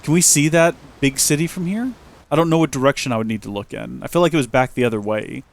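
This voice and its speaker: A man's voice: mid-range voice, fast, gravelly. Chatty man commenting on gameplay. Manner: chatty, rambling, jokey. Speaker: let's play host.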